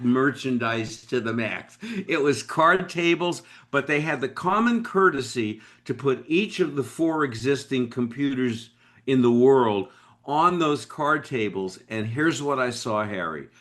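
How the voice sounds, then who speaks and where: Casting: older man in his sixties, a business guest telling a story in an interview, animated, with a middle-pitched voice and big swings. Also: unhurried.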